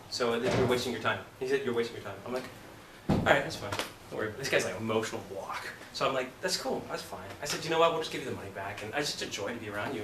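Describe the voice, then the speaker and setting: A man teaching an acting class in a studio, telling stories animatedly, swearing and acting out scenes. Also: on the low side. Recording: roomy, distant, noisy room recording.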